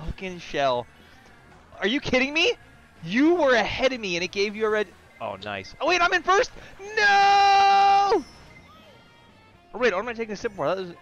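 A man casually chatting while streaming a kart racing game, excitable, swearing and shouting at the screen. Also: high voice, fast talker, lo-fi sound, faint music behind. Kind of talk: casual live gaming chat.

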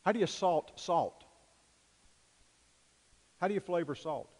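Male pastor, emphatic sermon delivery with repetition, slightly high, long church reverb. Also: expressive, slow pace, darkish tone. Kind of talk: sermon and prayer. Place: church sanctuary.

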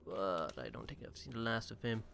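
A man's voice: fairly low pitch, sing-song, fairly quick, gravelly, a bit bright, a little hiss or hum. A man giving casual, rambling let's-play commentary on his own game session, with mild swearing. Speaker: gaming YouTuber.

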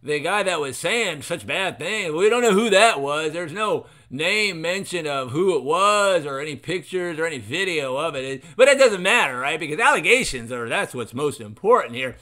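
A man's voice: a little high, lively intonation, normal speed, few pauses, sharp tone. A man hosting a talk show, rambling sarcastically with many fillers while reading from an article. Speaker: podcast host. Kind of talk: sarcastic solo commentary. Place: at his computer reading an article.

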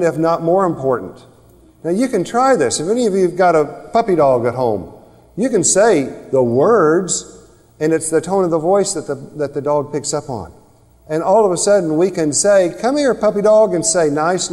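A man with a slightly high, darkish voice gives a motivational seminar on communication skills to a live audience, posing rhetorical questions. The recording carries the long reverb of a hall.

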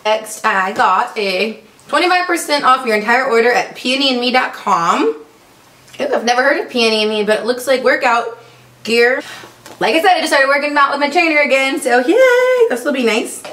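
A woman's voice: high voice, brisk, pushed and bright. A young woman chatting through an unboxing vlog, upbeat and full of ums. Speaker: vlogger. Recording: echoey room, faint noise.

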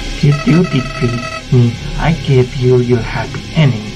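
An adult man voicing a sinister, scheming talking flower villain in a slow, taunting fan voice-over of a video game. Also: mid-range voice, lightly acted, rough recording. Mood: menacing. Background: game music.

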